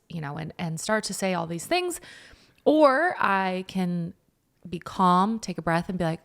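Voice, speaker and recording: A woman's voice: on the low side, expressive, a little slow, vocal fry. A young woman co-hosting a podcast, telling a personal story in an earnest, reflective way with many fillers. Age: young adult. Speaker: podcast co-host, wife. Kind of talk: casual chat.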